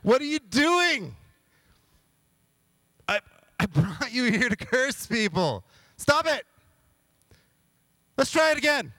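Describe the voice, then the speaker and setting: A man voicing a frantic, furious ancient king who yells in exasperation. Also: very animated, slow pace, long pauses, exaggerated voice. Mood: outraged. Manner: shrill, exasperated yelling.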